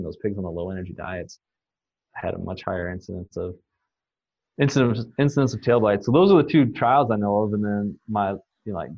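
A man's voice: low voice, no room sound, dull audio. A man guest on a podcast, telling long anecdotes in a rambling, casual way with many fillers and restarts. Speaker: swine nutrition guest. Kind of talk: casual storytelling in a podcast interview.

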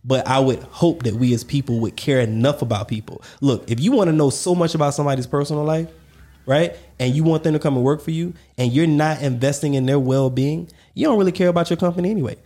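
A man's voice: fairly high pitch, quick pace, warm tone. A man co-hosting a casual podcast discussion, talking emphatically and repeating his points to drive them home. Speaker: podcast co-host.

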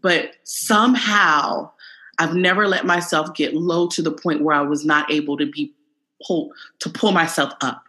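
A woman's voice: deep voice, steady tone, measured pace, pushed and bright, low-quality recording. A woman in her forties hosting a podcast interview, encouraging and easily moved. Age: 40s. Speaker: podcast host.

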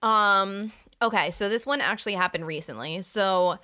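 A woman's voice: mid-range voice, normal speed, sharp tone. A young woman, a podcast guest, chatting casually and bluntly, with some swearing. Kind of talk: casual chat.

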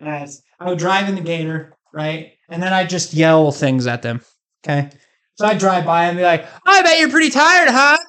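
A man's voice: fairly high pitch, moderate pace. A man doing a rambling comic monologue, joking and sarcastic. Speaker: comedic host.

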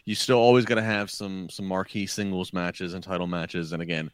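A man's voice: low voice, little pitch movement, fairly quick, clear, resonant tone, no room sound. A man co-hosting a podcast, rambling through wrestling talk and restarting his sentences. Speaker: podcast co-host. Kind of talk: casual wrestling chat.

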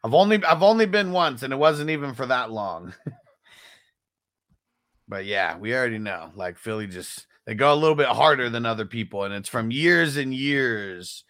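A man's voice: mid-range voice, expressive, moderate pace, a bit bright, no echo, clean studio sound. A man chatting casually as a podcast co-host, laid-back, laughing a lot and swearing freely. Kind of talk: casual chat.

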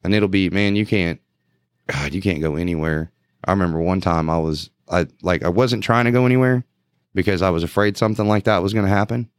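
A man's voice: sits low, brisk, clear, resonant tone, no room sound. A man telling a story in a casual podcast chat, acting out quotes and laughing often. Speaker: podcast co-host, police officer.

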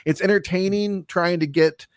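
A man's voice: high voice, steady tone, normal speed, clean tone, no echo, studio quality. A man co-hosting a podcast, chatting casually about movies in a rambling, profane way with frequent laughs. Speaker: podcast co-host.

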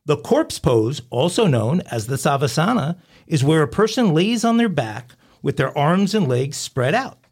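A man's voice: a little high, very animated, moderate pace, a little mellow, husky. A man co-hosting a crime podcast, reading a comic news story aloud in a mock-dramatic storytelling manner. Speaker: podcast co-host.

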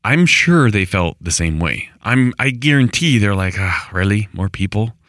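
Fairly low-pitched and fairly bright, this middle-aged man talks expressively at normal speed about rural homestead life, rambling to camera with restarts and exasperated asides. The recording is dry with clean studio sound.

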